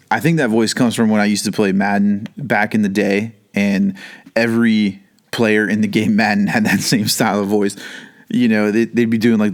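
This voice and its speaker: A man pastor teaching the Bible casually from his home basement, chatty and rambling, with frequent asides. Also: fairly low pitch.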